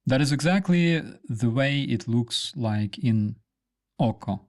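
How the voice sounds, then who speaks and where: A man's voice: mid-range voice, lively intonation, slow pace, darkish tone. A man hosting a live stream, rambling casually with many fillers and restarts.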